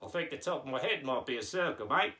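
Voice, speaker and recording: Man doing excitable Aussie tube puppet. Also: medium pitch, fast. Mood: chirpy. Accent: put-on Australian. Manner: says "mate" constantly, gets overexcited.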